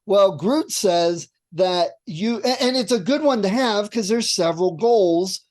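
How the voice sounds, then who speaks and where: A man co-hosting a podcast, telling game-night stories in a lively, animated way and laughing as he goes. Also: sits high, measured pace. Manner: animated storyteller, acts out lines with laughs. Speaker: podcast co-host. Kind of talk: casual chat.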